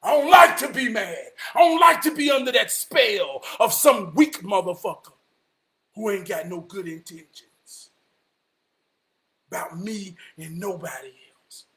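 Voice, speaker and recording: A man giving an impassioned, preachy monologue that swings between shouting and low muttering, repeating phrases for emphasis and cursing often. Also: lively intonation, a little slow, slight background noise.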